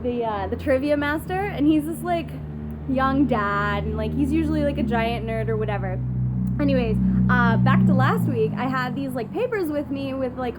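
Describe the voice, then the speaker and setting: A young woman with a high voice tells a story to her phone camera in a chatty, giggly vlog style, with lots of "like". She is recording outdoors, and loud traffic and street noise run under her voice. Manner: chatty, giggly, heavy use of "like". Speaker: vlogger. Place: outdoors outside a brewery. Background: passing cars.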